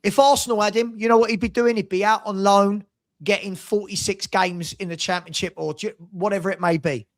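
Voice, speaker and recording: A man's voice: high-pitched, steady tone, a little fast. Male host, fan chat, exasperated ranting delivery. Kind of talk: casual football fan chat.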